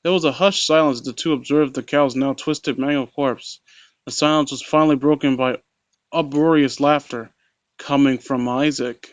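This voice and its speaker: A man's voice: medium pitch, steady tone, moderate pace, no room sound. A man reading a horror story aloud at a close home mic, stumbling and restarting, with sarcastic critical asides. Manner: stumbling, frequent restarts and mockery. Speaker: narrator and critic.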